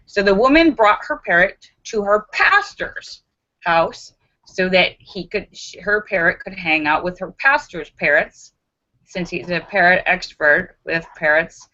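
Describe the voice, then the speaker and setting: A woman's voice: on the low side, expressive, unhurried, sharp tone, dull audio. A woman hosting a live stream, chatty, greeting viewers by name and reading out their jokes.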